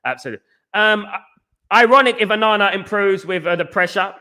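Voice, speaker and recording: A man's voice: high-pitched, fairly quick, sharp tone. A middle-aged man from East London with a Cockney accent, hosting a rambling live football chat and reading out viewer comments. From East London, England. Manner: rambling, repeats himself, reads out viewer comments. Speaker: podcast host. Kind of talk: casual live-stream chat.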